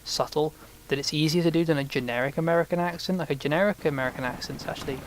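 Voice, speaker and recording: 皮肉まじりにつぶやくイギリス英語の男性. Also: male voice, a little high, fast talker, slight background noise. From Britain. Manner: rambling, sarcastic, mutters to himself. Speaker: gameplay commentator. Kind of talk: casual game commentary.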